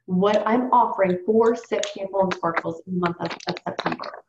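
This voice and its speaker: A woman's voice: mid-range voice, moderate pace, hardly any pauses, noisy background. A woman leading a sales team training call, coaching in an upbeat, chatty way and addressing the group directly. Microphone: call or webinar. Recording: roomy, dull conference call audio.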